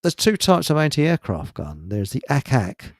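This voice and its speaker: A medium-pitched, sing-song male voice moves at a moderate pace with a Hertfordshire accent from England. He's hosting a casual chat, rambling, chuckling frequently and drifting off mid-sentence, captured with clean studio sound and no room noise.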